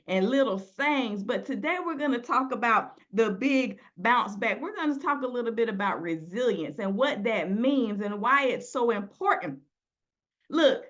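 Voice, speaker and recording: A woman's voice: fairly high pitch, a bit bright. Woman preaching a sermon, lo-fi sound. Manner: conversational, builds to emphatic preaching. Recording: dull lo-fi sound.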